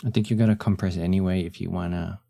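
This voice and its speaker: A young man chatting casually on a live stream, with a deep, husky morning voice and a laid-back way of talking, often trailing off with fillers. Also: steady tone, quick pace, mellow.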